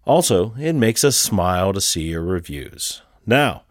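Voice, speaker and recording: A man's voice: low voice, measured pace, no echo, clean studio sound. A man, the show's editor, giving a jokey scripted introduction. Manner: jokey, playful, animated delivery. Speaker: show editor.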